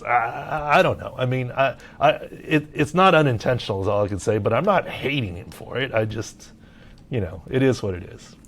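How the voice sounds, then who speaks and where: A middle-aged man from Southern California, talking casually as a sports medicine analyst on a podcast, animated and full of filler words. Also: mid-range voice, normal speed.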